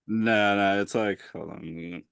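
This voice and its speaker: A man's voice: lowish voice, slow pace, creaky, fairly bright tone, clean tone, no room sound, clean studio sound. A man co-hosting a podcast in casual chat, often laughing and rambling with fillers. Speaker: podcast co-host.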